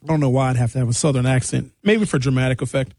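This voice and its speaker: A man giving an animated, indignant casual monologue, reading figures from his notes with jokey asides. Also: mid-range voice, very fast, dry recording. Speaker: commentator.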